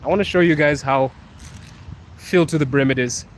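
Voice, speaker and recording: A young man hosting a relaxed livestream out on a city street, his voice sitting a little high for a man. He reads viewer comments aloud in a playful, teasing way and laughs often. City traffic rumbles clearly behind his phone mic. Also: brisk. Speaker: livestream host. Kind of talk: casual live-stream chat.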